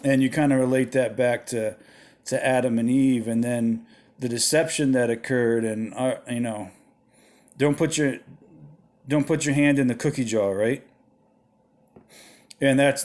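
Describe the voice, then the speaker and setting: A man's voice: mid-range voice, darkish tone. Tired man musing, slight lisp. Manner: rambling, restarts often, tags lines with "right?". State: tired, late at night. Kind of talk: casual spoken teaching on symbolism.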